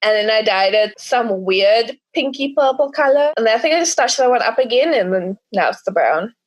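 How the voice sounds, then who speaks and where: A young woman talking casually as a podcast guest, chatty and quick to laugh, acting out her own thoughts. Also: a little high, animated. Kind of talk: casual chat.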